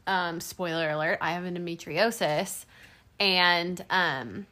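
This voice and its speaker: A woman's voice: on the low side, takes it slowly, sharp tone. A woman co-hosting a casual podcast who talks in an easygoing way and explains things plainly. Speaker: podcast co-host.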